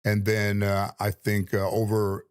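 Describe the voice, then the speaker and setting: A man's voice: on the low side, monotone, a little slow, clean tone. A man, a comedian guest, telling casual stories full of swearing and laughing through his anecdotes. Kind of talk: casual storytelling.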